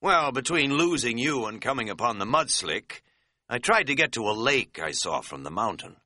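A man's voice: mid-range voice, very animated, normal speed, sharp tone, no echo, studio quality, exaggerated voice. A man voicing a scatterbrained middle-aged hiking buddy who talks in a folksy, rambling, self-mocking way. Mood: rueful storytelling. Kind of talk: audiobook character voice.

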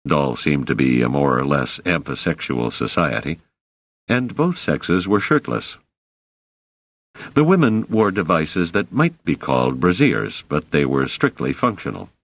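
A man reading an audiobook as narrator, telling the story in a measured, even way. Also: rumbling low, dry recording, lo-fi sound. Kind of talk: scripted narration.

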